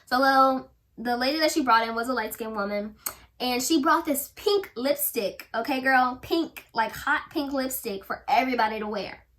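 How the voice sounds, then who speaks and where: Bright, animated young woman vlogger. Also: sits high, normal speed, slight background noise. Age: young adult. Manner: animated, candid storytelling with quoted voices. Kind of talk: storytime vlog.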